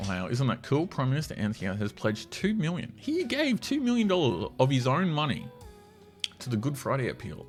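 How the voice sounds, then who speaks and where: A man's voice: mid-range voice, huge pitch swings, brisk, soft background music. A man giving casual, profane commentary, sarcastic and mocking, laughing between jabs as he reacts to online posts.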